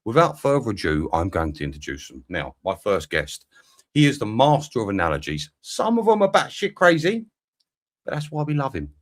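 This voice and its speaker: Swearing, animated man hosting. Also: on the low side, a little fast. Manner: swears freely, exasperated, excitable. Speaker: podcast host. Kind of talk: casual live football podcast.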